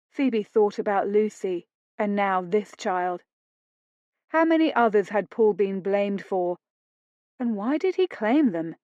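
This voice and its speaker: A woman narrating a romance audiobook in a measured, even storytelling manner. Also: mid-range voice, dry recording. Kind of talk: scripted narration of a romance novel. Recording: dull dry lo-fi studio read.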